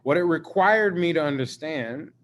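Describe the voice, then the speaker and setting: A man, an artist, talking in a live-streamed video conversation, an expressive and emphatic storyteller who swears freely. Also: a little high, moderate pace, a little hiss or hum. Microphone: video call.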